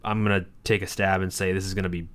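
A man's voice: deep voice, level tone, fast. A man co-hosting a podcast, talking casually and enthusiastically with lots of fillers. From Florida. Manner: rambling, enthusiastic, many fillers. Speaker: podcast co-host. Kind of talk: casual chat.

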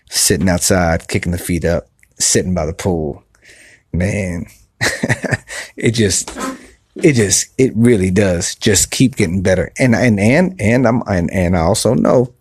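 A man hosting a podcast, giving earnest, repetitive motivational talk in a soft voice, recorded on his phone outside on a patio. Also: lowish voice, breathy edge, no echo, studio quality. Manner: earnest, repetitive, restarts often; speaking softly. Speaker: podcast host. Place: outdoor patio by a pool at night.

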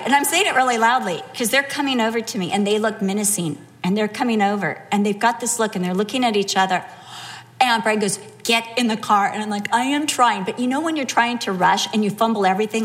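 A middle-aged woman preaching a sermon, telling a personal story with animated, acted-out quotes. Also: on the high side, fast talker, a little hiss or hum.

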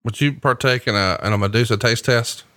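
A man's voice: medium pitch, brisk, fairly bright tone, no room sound, studio quality. A man hosting a podcast, casually chatting and playfully ribbing his co-host while watching wrestling.

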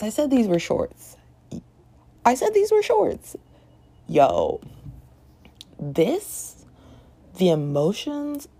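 A young woman chatting casually in a book review vlog, animated and given to swearing and laughing. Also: deep voice, vocal fry.

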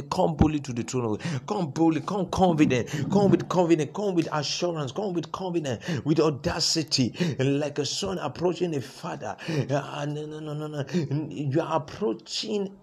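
A man delivering a sermon in a gravelly, creaky voice at a middle pitch. He prays and then teaches with fervent, repetitive emphasis that keeps climbing. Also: darkish tone. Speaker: pastor. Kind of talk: sermon with opening prayer.

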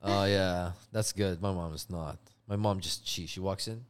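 A young man co-hosting a casual podcast chat, telling family stories with lively energy and acting out everyone's voices. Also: low voice, normal speed, clear, resonant tone. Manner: animated storyteller, acts out family members' voices. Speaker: podcast co-host.

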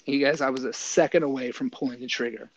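This middle-aged army veteran and yoga teacher speaks quickly in a medium pitch, casually telling interview stories with animated flair. He acts out what people said, and "like" shows up again and again.

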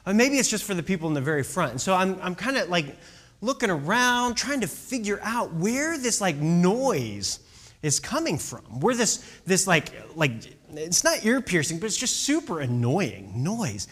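Animated, chatty man telling a story. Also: high voice, moderate pace. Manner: chatty, animated, fillers and "right?" asides. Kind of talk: casual storytelling talk.

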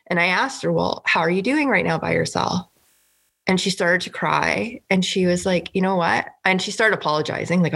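A woman's voice: on the low side, moderate pace, gravelly, a bit bright. A woman from Canada, a provincial legislator, talking earnestly and indignantly in a casual political podcast, with many "like" fillers.

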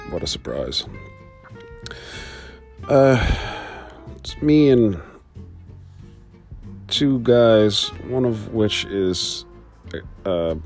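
A man hosting a casual solo podcast, rambling and swearing with frequent laughs while he walks around his studio. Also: fairly low pitch. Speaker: podcast host.

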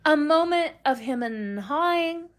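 A woman's voice: high-pitched, expressive, a little slow. A woman in her forties co-hosting a podcast, telling stories in playful casual chat. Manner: playful, laughing, storytelling. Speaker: podcast co-host.

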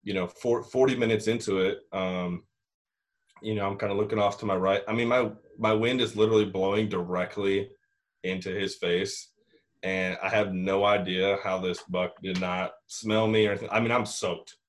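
Young male storyteller, lowish voice, rambling casual delivery. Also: steady tone, moderate pace. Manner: rambling, frequent "like" and "you know", swearing. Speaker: hunter telling a story.

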